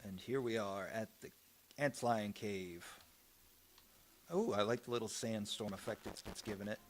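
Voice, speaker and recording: A man's voice: on the low side, normal speed. A young man streaming a game, chatting casually about it and often restarting his sentences midway.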